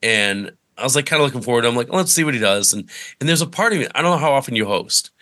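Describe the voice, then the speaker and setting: A man's voice: mid-range voice, animated, racing, sharp tone. A man hosting a casual podcast chat, prompting with short reactions.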